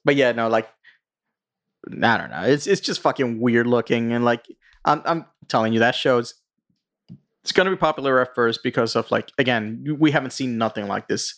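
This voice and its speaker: A man co-hosting a casual podcast, talking in a loose, rambling way and swearing freely. His pitch sits in an ordinary middle range, and his banter is full of fillers and restarts. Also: moderate pace, fairly bright tone. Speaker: podcast co-host. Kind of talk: casual chat.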